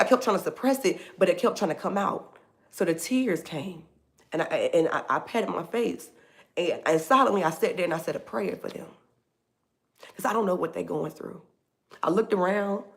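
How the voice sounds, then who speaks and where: A woman hosting a faith talk livestream, preaching casually and animatedly, calling her listeners "baby". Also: fairly low pitch.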